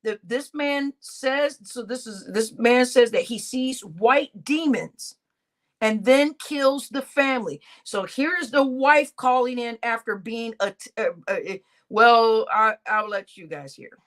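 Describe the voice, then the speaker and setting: A woman hosting a casual commentary stream in a fairly high voice. She rambles, restarts her sentences and stumbles over words, then breaks into blunt exclamations as she talks her viewers through a played recording. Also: slow pace. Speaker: reaction stream host.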